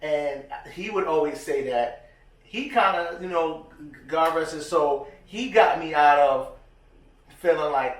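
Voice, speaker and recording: A man's voice: a little high, slow pace. A man co-hosting a podcast, chatting casually in slang and acting out the quotes in his stories. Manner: animated storyteller, slangy, acts out quotes. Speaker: podcast co-host. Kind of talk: casual chat. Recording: echoey room, distant mic.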